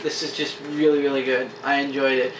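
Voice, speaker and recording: A man chatting casually as a comic book reviewer, enthusiastic and acting out characters' lines in quick quotes. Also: medium pitch, level tone, distant mic. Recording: echoey room, faint hiss.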